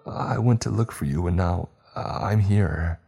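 A man's voice: deep voice, drawn-out words, gravelly, mellow, slightly rough, faint music behind, voice pushed up, exaggerated voice. A man voicing a frightened, emaciated office worker who stammers in a shaky voice. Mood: shaken.

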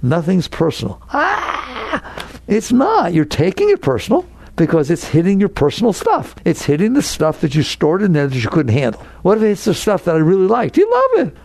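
A man's voice: fairly high pitch, vocal fry, warm tone, no room sound. A man giving a conversational spiritual talk to a live audience, full of rhetorical questions and teasing challenges to his listeners. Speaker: spiritual teacher.

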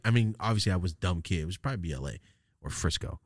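A man's voice: deep voice, expressive, racing, no echo, studio quality. A man in his thirties from California, a podcast host telling a rambling, profane story in casual chat.

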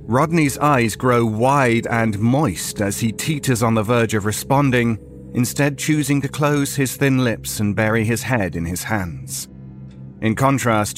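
A man narrating a horror story in a measured, storytelling way. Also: on the low side.

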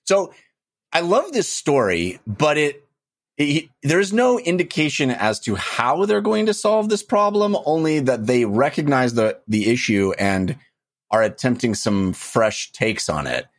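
A man in his thirties hosting a casual podcast chat, rambling and animated as he talks. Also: mid-range voice, measured pace. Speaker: podcast host.

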